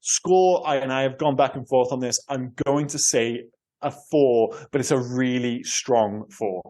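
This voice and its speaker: A man's voice: medium pitch, a little slow, dark tone. A man from Cardiff with a Welsh accent, co-hosting a podcast in casual, rambling chat full of restarts and swearing. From Cardiff, Wales. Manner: rambling, self-interrupting, sweary. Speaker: podcast co-host.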